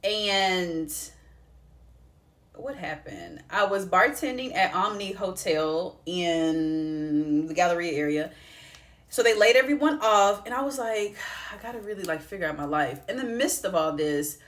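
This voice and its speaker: A woman's voice: fairly low pitch, expressive, unhurried, fairly bright tone. A young woman vlogger telling a heartfelt personal story in a casual, conversational way, close to tears at times. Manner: tearful, heartfelt, conversational with slang. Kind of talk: emotional personal storytelling vlog.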